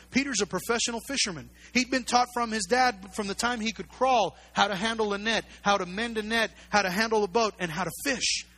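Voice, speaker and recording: A pastor preaching a sermon, emphatic and repetitive, full of rhetorical questions. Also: male voice, high voice, bright, forceful tone.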